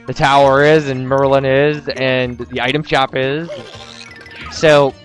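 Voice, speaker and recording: A man's voice: mid-range voice, fairly bright tone. A young man giving casual, rambling gameplay commentary, full of "um"s and joking asides. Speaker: let's player.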